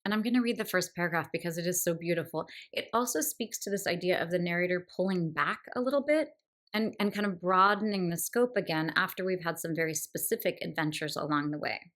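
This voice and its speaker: A woman's voice: fairly low pitch, quick pace, a bit bright. A woman hosting a book podcast, talking through a novel with admiring enthusiasm and thoughtful asides. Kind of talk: literary discussion monologue.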